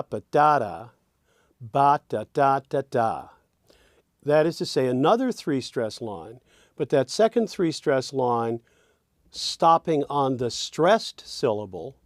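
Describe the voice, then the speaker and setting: A man's voice: medium pitch, dry recording, studio quality. A man teaching songwriting in a reflective lecture, often sounding out rhythms with sung syllables.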